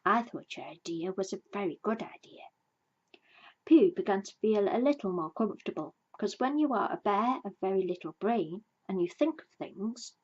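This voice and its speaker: A woman reading a children's storybook aloud in a gentle, soft-spoken way. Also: mid-range voice, breathy edge, lo-fi sound. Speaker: reader. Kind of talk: storybook read-aloud narration.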